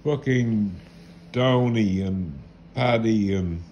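A man's voice: lowish voice, slow pace, a little mellow. A middle-aged Irish man in an angry, rambling rant, repeating curses and bitter swearing. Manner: bitter, profane, repetitive cursing. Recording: dull lo-fi with faint hiss.

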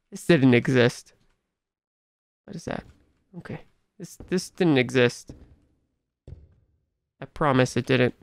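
Young guy yelling at a horror game, voice jumps all over, dead dry mic, little music behind. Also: on the high side, clean tone, dry recording. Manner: jumpy and incredulous, talks back to the game. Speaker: gaming YouTuber. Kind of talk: horror game let's play commentary.

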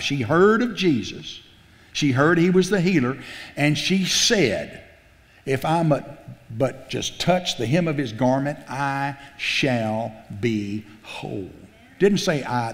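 A pastor preaching a sermon, telling the story in a folksy, animated way, acting out the quotes and often restarting his sentences. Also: mid-range voice. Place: church sanctuary. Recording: long hall reverb.

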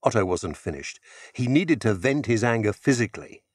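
A man narrating an audiobook in a measured, expressive storytelling manner. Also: lowish voice, slightly rough, no room sound, studio quality.

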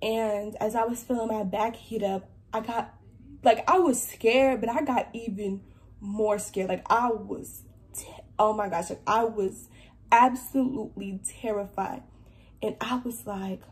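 A woman's voice: a little high, steady tone, a little slow. A young adult woman earnestly telling a personal testimony, filling her speech with "like". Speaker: believer sharing a testimony.

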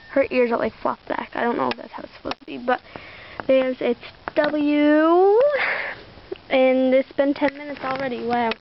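A woman's voice: a little high, dull audio, noisy background. Chatty girl rambling through a show-and-tell. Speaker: vlogger showing a toy collection. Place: outdoors.

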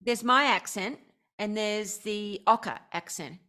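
A woman's voice: medium pitch, unhurried, sharp tone. A woman with an Australian accent, a guest in a casual interview, talking in an effusive, enthusiastic way.

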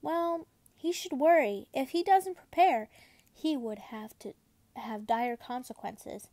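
A woman's voice: a little high, slow pace, darkish tone, no echo. Woman reading a stern, sneering wizard father. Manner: stern, scolding.

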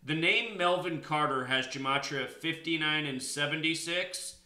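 Man lecturing hard on his channel, super bright forceful voice, slightly high, echoey room. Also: normal speed, hardly any pauses. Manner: emphatic, lecturing, presses points hard. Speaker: host. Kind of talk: solo commentary video.

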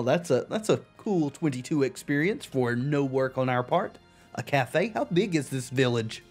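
A man hosts a video game playthrough, reading the on-screen text aloud before dropping dry jokes of his own. His voice sits somewhat high for a man. Faint background music runs underneath. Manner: reads game text aloud, then adds dry wisecracks. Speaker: let's play host. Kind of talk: game commentary.

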